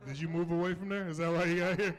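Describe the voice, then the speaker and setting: Southern man in his 50s, stand-up comic, slightly high voice, loose and chatty, tags jokes with "right?". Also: flat delivery, racing. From North Carolina, US. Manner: loose, conversational, keeps asking "right?" and laughing at his own jokes. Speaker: stand-up comedian. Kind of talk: stand-up comedy set. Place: comedy club stage. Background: audience laughter.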